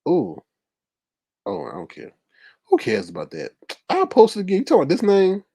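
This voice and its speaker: A man hosting a live stream in casual chat, animated, often laughing and exclaiming. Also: sits high, normal speed, breathy edge, dry recording.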